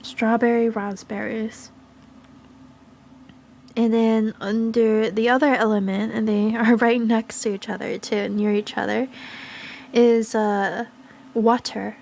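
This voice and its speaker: A woman giving a gentle, slow spiritual card reading, speaking in soft, affirming phrases with pauses and fillers. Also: on the high side, level tone, gravelly. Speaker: tarot and oracle card reader.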